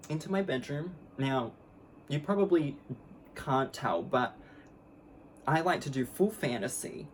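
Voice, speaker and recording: A woman's voice: low voice, lively intonation, a little slow, long pauses, a little hiss or hum. A young adult woman telling a story on her vlog, candid, blunt and sarcastic, mocking the people in it with put-on voices. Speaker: vlogger.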